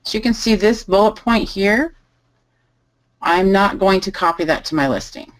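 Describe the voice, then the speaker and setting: A woman teaching a live online lesson, calmly thinking aloud as she types through each step. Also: mid-range voice, moderate pace, low-quality recording. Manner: relaxed, thinking aloud while typing. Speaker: online selling instructor. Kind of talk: live screen-share tutorial.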